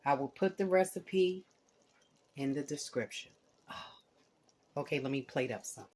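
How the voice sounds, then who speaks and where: A woman hosting a casual cooking vlog in her home kitchen, chatting to viewers as she cooks and tastes, sometimes dropping to soft murmurs over the food. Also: a bass voice, unhurried. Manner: chatty, talks to viewers while cooking and tasting. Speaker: home cook and channel host.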